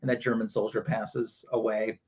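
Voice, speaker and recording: A man's voice: lowish voice, little pitch movement, moderate pace, a little mellow, dull audio. A man hosting a livestream who retells a comic book panel by panel. He talks casually and uses a lot of fillers. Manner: casual storytelling with many fillers. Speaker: show host.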